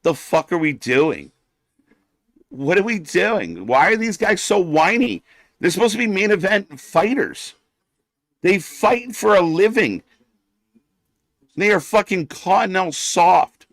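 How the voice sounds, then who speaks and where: A man's voice: sits high, animated, a little slow, long pauses, a bit bright, no echo. A man hosting a wrestling watch-party stream, ranting in sarcastic, heavily profane live commentary. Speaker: watch-party livestream host.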